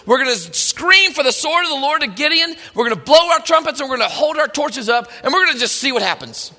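A man's voice: very high voice, animated, bright, forceful tone, pitched above the performer's own voice, exaggerated voice. A man doing a rousing army commander. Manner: brisk, rousing orders. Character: bold male army commander rallying troops. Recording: long hall reverb.

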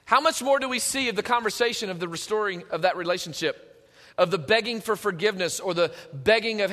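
A man delivers a sermon conversationally, shifting between hushed and emphatic, his voice high and quick. The church hall gives it a long reverb.

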